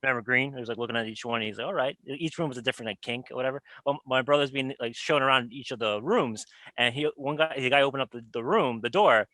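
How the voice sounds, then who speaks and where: A young man co-hosting a podcast, telling quick, chatty anecdotes in a casual way. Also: medium pitch, bright, forceful tone, no echo. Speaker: podcast co-host. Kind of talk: casual chat.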